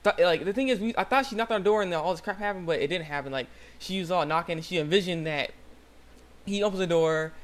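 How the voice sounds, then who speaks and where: A young man with a somewhat high voice hosts his own channel with a casual recap. He rambles excitedly, stacking fillers and starting sentences over. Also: quick pace. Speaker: channel host. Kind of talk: casual anime episode recap.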